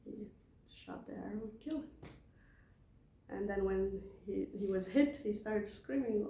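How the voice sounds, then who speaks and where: A woman's voice: mid-range voice, unhurried, creaky, darkish tone, echoey room. A woman casually retelling scripture stories in a chatty way, laughing often. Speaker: devotee telling scripture stories. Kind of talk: casual storytelling talk.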